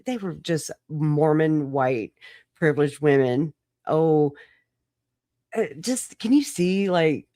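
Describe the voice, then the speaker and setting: A woman's voice: sits low, a little mellow, no room sound, studio quality. A woman hosting a casual solo livestream, rambling through stories, swearing and laughing often. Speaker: livestream host.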